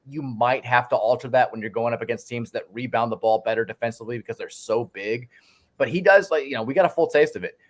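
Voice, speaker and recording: A man chatting on a podcast as a guest sports writer, with a mid-range voice. He talks in a lively, animated way and often restarts his sentences. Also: mid-range voice. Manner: animated storyteller, many restarts. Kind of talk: casual podcast chat.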